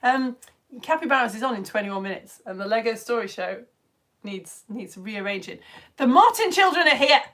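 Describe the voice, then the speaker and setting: Bubbly, lively-voiced British woman teacher. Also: a little high, moderate pace. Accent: British English. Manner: bubbly, chatty, laughs often. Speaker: online science teacher for home-educated children. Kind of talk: reading out live chat messages to viewers.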